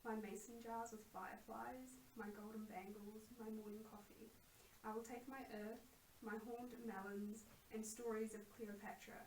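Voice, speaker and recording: A woman poet reading her poem softly and measuredly, then chatting about her writing. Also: a little high, little pitch movement. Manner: soft measured recitation. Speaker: guest poet. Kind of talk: poetry reading and casual chat. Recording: roomy, distant mic, faint hiss.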